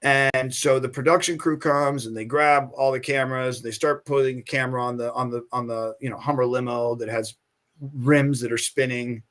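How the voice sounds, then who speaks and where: A middle-aged man, a podcast guest and actor, telling an anecdote in a casual, animated way, acting out other people's lines as he goes. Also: medium pitch, moderate pace. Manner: animated, acts out quoted people, many restarts.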